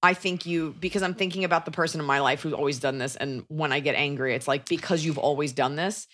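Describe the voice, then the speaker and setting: Woman comedian co-host, slightly low voice, blunt and opinionated in casual talk. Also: fairly even intonation, quick pace, fairly bright tone. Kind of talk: casual chat.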